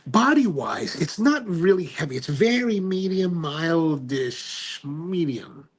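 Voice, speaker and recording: A man's voice: a little high, big pitch swings, slow pace, breathy edge. A man hosting a live stream in casual chat, reading viewer comments aloud and rambling, often trailing off and restarting. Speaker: livestream host.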